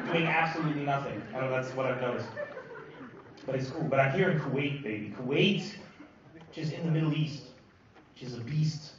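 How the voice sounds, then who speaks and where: A man from Lebanon doing live stand-up comedy, loud and animated, working the crowd. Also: a little high, a little fast. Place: large comedy venue with live audience. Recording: echoey, dull live hall recording from far off, loud crowd.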